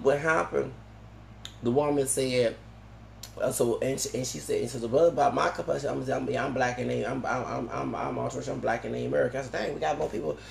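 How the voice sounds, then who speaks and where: A man's voice: medium pitch, gravelly, roomy sound, a little hiss or hum. A man talking in a long, rambling monologue, full of restarts and tag questions like "okay?". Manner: digressive, many restarts and "okay?" tags. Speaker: vlogger.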